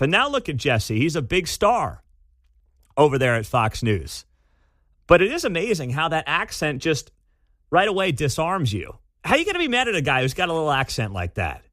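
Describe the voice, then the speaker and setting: A man's voice: medium pitch, a bit bright, no room sound, clean studio sound. A man hosting a talk radio show, giving sarcastic, opinionated commentary in a chatty way. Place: radio studio. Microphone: studio mic.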